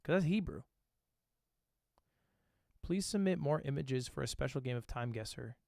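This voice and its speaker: A male livestreamer with a lively, bouncing voice, talking his way through a guessing game in casual chat. He swears freely and mocks himself as he goes. The sound is dry, close and free of room echo. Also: mid-range voice, vocal fry. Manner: thinks aloud, swears casually, quick self-mocking asides.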